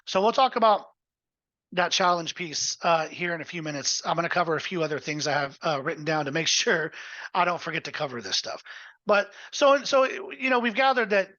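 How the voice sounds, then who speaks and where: A man's voice: on the high side, lively intonation, brisk, bright, forceful tone, no echo. A man hosting a casual coaching webinar, blunt and profane with plenty of energy, heard over a video call. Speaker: webinar host. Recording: dull, lo-fi audio.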